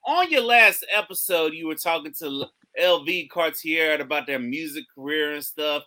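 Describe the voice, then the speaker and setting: A man's voice: a little high, normal speed, sharp tone. A young man hosting a podcast, talking in a profane, ranting, casual way. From Florida. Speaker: podcast host.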